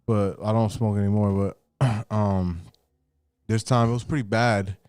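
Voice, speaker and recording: A man's voice: fairly low pitch, steady tone, measured pace, a little mellow, clean tone, no echo, clean studio sound. A man casually telling a personal story on a podcast, loose and profane, acting out what his relatives said.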